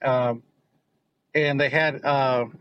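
A man's voice: medium pitch, fairly even intonation, extremely slow, smooth, dull audio. A middle-aged man, the host's father, telling family stories in a casual, rambling way, often repeating words as he goes. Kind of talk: casual storytelling.

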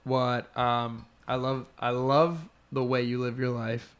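A man's voice: medium pitch, slow pace, smooth. A man chatting casually, telling a story full of swearing and acted-out quotes. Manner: profane, animated storyteller who acts out quotes.

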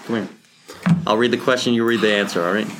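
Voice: medium pitch, fairly even intonation, fast talker. A host reading out questions in casual group chat, teasing the others and spinning joking stories. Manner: teasing, joking, playful storytelling. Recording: noisy mic.

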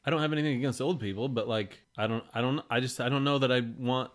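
A man's voice: mid-range voice, fairly even intonation, quick pace. A man co-hosting a casual podcast, talking hesitantly with many restarts and "like"s. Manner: hesitant, restarts often, says "like". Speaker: podcast co-host. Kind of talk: casual chat.

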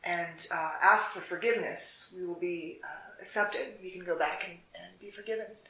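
Young man, apologetic, earnest, bright tone, roomy echo, voiced by a storyteller. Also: medium pitch, steady tone, normal speed. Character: young husband, humble and apologetic. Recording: echoey room.

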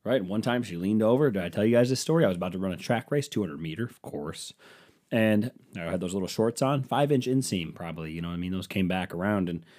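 A man's voice: sits low, animated, fast talker, a little mellow. A man doing a rambling comic monologue, sarcastic and profane with mocking asides.

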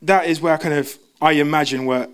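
A young man gives a relaxed sermon in a church. His talk is chatty and full of restarts. He jumps into a higher voice when he plays out the people in his stories. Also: fairly quick, clean tone. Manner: chatty, self-interrupting, acts out quotes in a high voice. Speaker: preacher. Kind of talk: casual sermon.

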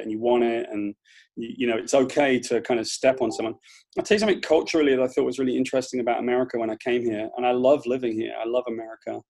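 A British man with a gravelly, creaky voice, talking casually and emphatically as an interview guest. His delivery is animated and opinionated, and he sometimes slips into voices to tell a story. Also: medium pitch. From Britain. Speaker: comics writer and former editor, guest.

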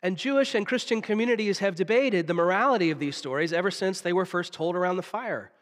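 Man, preacher, storytelling sermon, slightly high voice, long hall reverb. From Southern United States. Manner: storytelling, dramatic pauses, drops to a hush.

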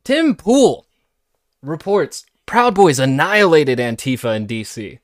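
A man's voice: mid-range voice, sing-song, normal speed, no room sound, clean studio sound. A man hosting a podcast, commenting sarcastically on played clips in a casual way. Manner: sarcastic, mocking impressions. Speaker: podcast host.

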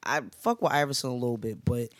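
A man's voice: medium pitch, fast talker. A man on a podcast giving his blunt opinions in casual chat with friends.

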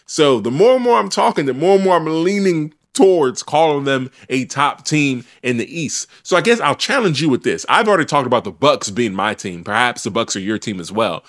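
A man's voice: medium pitch, lively intonation, a little fast, hardly any pauses, a bit bright. A man hosting a sports podcast, arguing his picks in an opinionated, teasing way. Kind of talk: casual sports debate.

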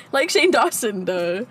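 A young woman co-hosting a podcast, casually telling lively stories and putting on playful voices. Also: medium pitch, a little hiss or hum. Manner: animated storytelling with playful impressions. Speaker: podcast co-host. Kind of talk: casual chat.

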